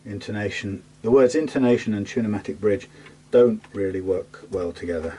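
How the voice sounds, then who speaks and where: A man's voice: on the low side, brisk, mellow, husky, poor audio. A man chatting casually to himself as he sets up a guitar, often trailing off mid-sentence. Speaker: guitar technician vlogger. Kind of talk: casual talk while working. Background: guitar being played and tuned.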